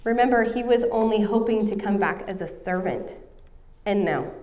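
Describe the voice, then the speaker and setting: A woman's voice: mid-range voice, moderate pace, a little mellow, distant mic. A woman in her thirties preaching a sermon, telling a personal story in an earnest way. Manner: earnest, storytelling, coughing now and then.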